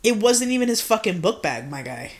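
A woman's voice: medium pitch, sing-song, a little fast. A woman co-hosting a podcast, telling a story in casual slang and swearing constantly. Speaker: podcast co-host.

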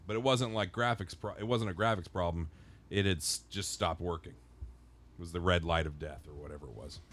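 Low-voiced man rambling through a story. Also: a bit bright. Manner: rambling, self-correcting anecdote. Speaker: podcast co-host. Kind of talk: casual chat, storytelling.

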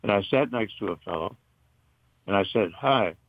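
An older man from North Carolina, a retired broadcaster, reminiscing in a halting, rambling way with many fillers. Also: on the low side, expressive, dry recording. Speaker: interview guest, retired broadcaster. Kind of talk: casual reminiscing. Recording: dull, muffled dry recording.

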